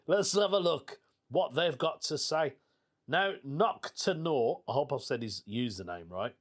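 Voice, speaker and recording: A man's voice: fairly high pitch, animated, a little slow. A British man hosting a casual solo podcast, chatty and jokey, laughing often. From United Kingdom. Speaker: podcast host.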